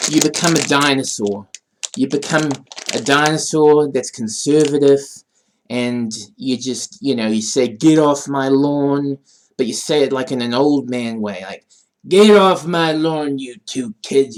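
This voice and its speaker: A man's voice: fairly high pitch, a little hiss or hum. A man vlogging a rambling, absurd comic rant, with many fillers. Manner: rambling, absurd, full of "you know". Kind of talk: casual comedic rant.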